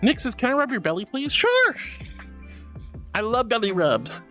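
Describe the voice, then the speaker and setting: A man's voice: high-pitched, very animated, quick pace, fairly bright tone, soft background music. A man streaming and casually chatting, reading viewer messages aloud and gushing over them with lots of honey and sweetie.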